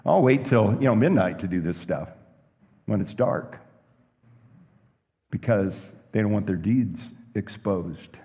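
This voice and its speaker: A pastor preaching a sermon, telling stories and asking the room questions. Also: male voice, on the low side, a little slow, pauses often, big-room sound. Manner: lively preaching with stories and asides.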